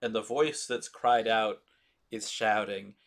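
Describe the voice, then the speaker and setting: A man narrating a tabletop game as game master, describing scenes in slow, descriptive detail. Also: lowish voice, steady tone.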